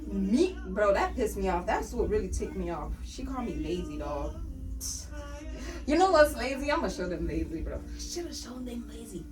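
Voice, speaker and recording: A young woman vlogger telling a casual storytime about work, animated, slangy and full of swearing. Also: mid-range voice, moderate pace, far from the mic, loud music behind the voice.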